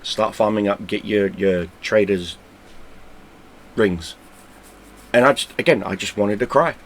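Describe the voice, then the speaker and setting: Man, lowish voice, gaming channel host, casual vlog talk, blunt, lots of swearing, stumbles and repeats words. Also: measured pace, slight background noise.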